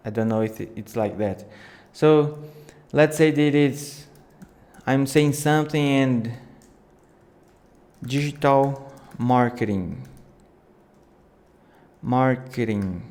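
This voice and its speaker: A man hosting a live video editing tutorial, thinking aloud in unhurried, with small slips. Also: medium pitch, darkish tone. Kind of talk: live screen-share tutorial.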